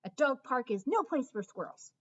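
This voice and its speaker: A woman voicing an excitable, devoted pet dog that barks its words in a high, loud, eager voice. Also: quick pace, distant mic, dull audio, a little hiss or hum. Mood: fierce.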